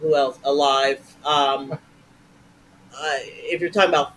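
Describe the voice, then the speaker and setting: A man with a somewhat high voice talks with a lot of energy and jokes as an interview guest. He jumps between playful bits and warm praise for his colleagues in a loose, chatty way. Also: unhurried, a little hiss or hum, rough recording. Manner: animated, enthusiastic, jokey. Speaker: improv performer, guest. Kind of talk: casual interview chat.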